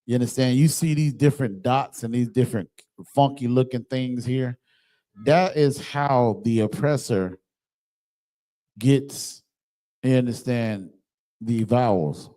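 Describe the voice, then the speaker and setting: A man's voice: medium pitch, unhurried, long pauses, warm tone. Emphatic man teaching. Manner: emphatic, keeps checking in with listeners. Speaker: class teacher. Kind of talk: online scripture class with screen sharing.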